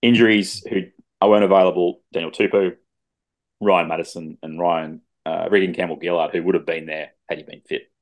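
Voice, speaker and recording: A man's voice: deep voice, fairly even intonation, a little fast. A man co-hosting a rugby league podcast over a video call, chatting casually with laid-back, joking banter. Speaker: podcast co-host. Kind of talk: casual sports chat.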